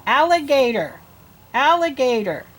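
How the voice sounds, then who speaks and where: Slow, high-voiced woman reading teacher. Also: big pitch swings, fairly bright tone. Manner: slow, sounding out letters and words; encouraging, asks children questions. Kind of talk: early reading lesson.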